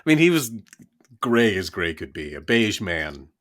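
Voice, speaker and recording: A man's voice: fairly low pitch, big pitch swings, measured pace, fairly bright tone. A man in casual podcast chat whose voice bounces up and down a lot. He is a voice actor telling playful anecdotes and now and then stalls with fillers while he thinks. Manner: playful storyteller, hesitant with fillers.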